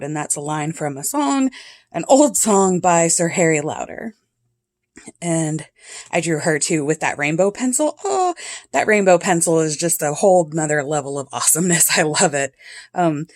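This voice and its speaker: Brief: low-pitched woman, casual vlog, reads quotes and chuckles, dry close sound. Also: a little slow, darkish tone, no room sound. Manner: chatty, laughs often, reads quotes then comments. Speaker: vlogger. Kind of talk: casual journal flip-through, reading quotes aloud. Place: home with cats and dogs.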